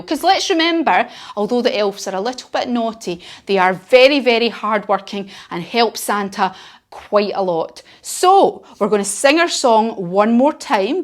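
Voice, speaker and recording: High, playful woman teaching kids yoga. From United Kingdom. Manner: playful, encouraging, storytelling to children. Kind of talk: children's yoga class instruction.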